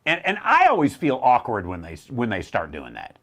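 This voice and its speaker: Blunt, wry pastor with a lively voice. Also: male voice, mid-range voice. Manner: blunt and wry, with quick self-mocking laughs and mimicking asides. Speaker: pastor and theologian hosting a Bible Q&A show. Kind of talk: casual teaching talk.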